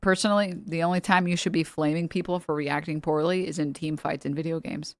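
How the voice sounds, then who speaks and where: A woman's voice: deep voice, fairly even intonation, a little fast, dry recording. Fiery, swearing young woman streamer. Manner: fiery and profane, stumbling restarts. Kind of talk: heated live-stream reaction.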